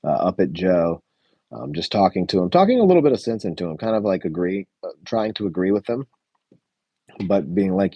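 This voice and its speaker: A man's voice: low-pitched, very animated, fairly quick, husky, dry recording, lo-fi sound. A young man hosting a live show review stream, chatting casually with lots of fillers and answering his chat. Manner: rambling, many fillers, reads live chat.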